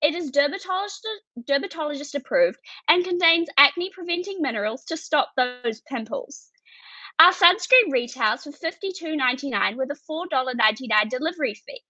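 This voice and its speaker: A teenage girl giving a rehearsed pitch for her student business over a video call, in a clear, recited delivery. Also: animated, moderate pace, pushed and bright, no room sound. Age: teens. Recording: dull, dry video-call audio.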